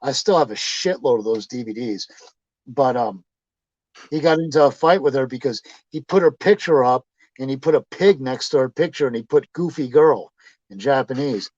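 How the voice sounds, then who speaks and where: A man being interviewed, casually telling profane, animated stories and acting out what people said. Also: medium pitch, moderate pace, no room sound, lo-fi sound. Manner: profane, animated anecdotes with acted quotes. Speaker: interview guest, pro wrestler. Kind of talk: casual storytelling.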